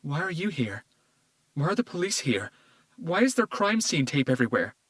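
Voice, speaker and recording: A man's voice: lively intonation, moderate pace, fairly bright tone, no echo, studio quality, distant mic. A man voicing a distraught woman in her early thirties, frantic and pleading as she reads an audiobook scene. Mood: demanding. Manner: frantic, high-pitched and pleading.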